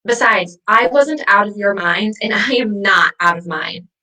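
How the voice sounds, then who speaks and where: A woman acting as a vengeful ghost who haunts her ex, taunting them with sharp, mocking wordplay in a comedy sketch. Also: medium pitch, measured pace, far from the mic, rough recording.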